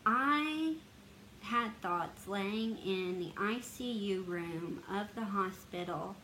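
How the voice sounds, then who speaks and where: A woman's voice: medium pitch, slow, pushed and bright, low-quality recording. A woman talks straight to her viewers, open and emotional as she tells a painful personal story. Her voice sits in a middle range. A faint hiss of background noise runs under her words. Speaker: health advocacy vlogger.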